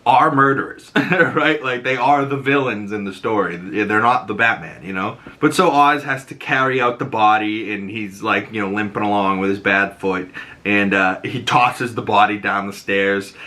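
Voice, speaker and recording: Bright-voiced man recapping a show. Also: lowish voice, moderate pace. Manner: rambling, profane, excitable. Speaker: podcast host. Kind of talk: casual episode recap and reaction.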